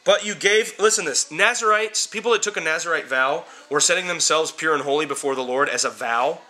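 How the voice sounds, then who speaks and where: Bright-voiced, emphatic male Bible teacher. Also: a little high, a little fast. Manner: emphatic, repeats words while building points; addresses students informally as guys. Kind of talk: Bible class lecture.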